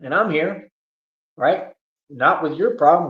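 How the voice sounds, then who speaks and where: A man's voice: a little high, a little slow. A man on a livestream with a boastful, taunting, slangy manner, ranting at his critics. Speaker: streamer. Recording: echoey room, dull lo-fi stream audio.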